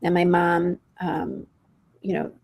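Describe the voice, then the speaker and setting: A woman's voice: on the low side, completely flat delivery, slow, a little mellow. A woman co-hosting a talk show in a studio, chatting casually and loosely with many fillers. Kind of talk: casual chat.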